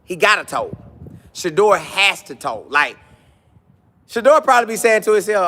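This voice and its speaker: A man with a high voice chats on a live stream at normal speed, pausing often, with slight background noise. He reads comments, riffs with animated jokes, repeats lines, and uses mock voices.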